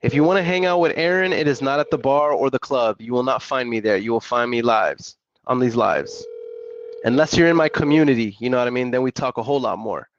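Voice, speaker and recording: A real estate investor and coach talks energetically on a live stream in a mid-range voice that runs a little fast. His hype-coach delivery repeats motivational points and is packed with casual slang and chatty asides to viewers. The audio has no room sound and its highs are cut off.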